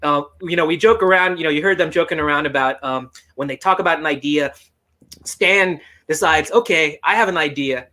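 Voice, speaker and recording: A man hosting a podcast over a video call, talking in an animated, joking way and laughing often. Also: fairly high pitch, fairly quick. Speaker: podcast host.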